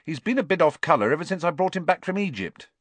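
A man voicing an excitable, blunt teenage boy wizard in an audiobook reading. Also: on the high side, quick pace, no room sound, pitched above the performer's own voice. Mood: sheepish.

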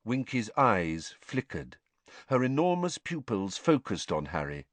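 Guy reading an audiobook, really lively ups and downs, dry close sound. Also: fairly low pitch, a little slow, no echo. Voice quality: expressive storytelling delivery. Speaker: audiobook narrator. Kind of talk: scripted narration of a novel.

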